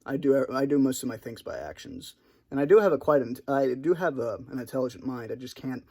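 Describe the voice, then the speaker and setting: A man's voice: mid-range voice, expressive, a little fast, darkish tone. A man talking in an unscripted solo monologue for his channel, hesitant and rambling with many restarts, self-conscious about his awkwardness. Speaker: video creator.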